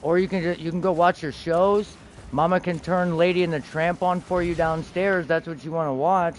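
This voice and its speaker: A man's voice: a little high, fairly even intonation, moderate pace, slight background noise. A young man streaming a game, chatting casually, trailing off and swearing now and then. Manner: laid-back, swears casually, trails off mid-sentence. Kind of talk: casual gaming stream chat.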